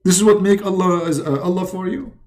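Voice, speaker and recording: A man giving sardonic commentary, halting and stumbling with frequent fillers between sketches. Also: sits high, a little mellow. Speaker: religious commentator.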